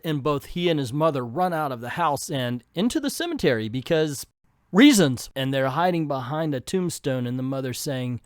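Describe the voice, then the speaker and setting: A man's voice: medium pitch, animated, moderate pace, dry recording, studio quality. A man reviewing comic books in casual commentary with sarcastic asides.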